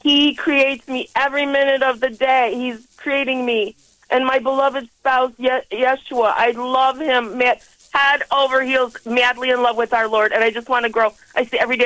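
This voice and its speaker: A woman's voice: high voice, fairly even intonation, normal speed, a bit bright, no echo, poor audio. A woman in her sixties calling a radio show by phone, talking in an effusive, rambling, fervent way and laughing often. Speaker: caller.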